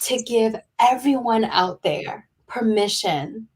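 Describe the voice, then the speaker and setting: A woman's voice: on the high side, slow pace, slightly rough. A woman guest on a podcast, speaking earnestly and encouragingly, often repeating her words as she talks. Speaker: guest social worker and author. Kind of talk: podcast interview.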